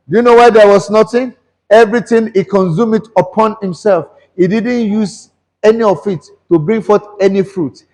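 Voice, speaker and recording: A man's voice: high-pitched, a little mellow, big-room sound. A man preaching a sermon, questioning the congregation and mixing English and Yoruba. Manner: switches between English and Yoruba. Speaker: pastor.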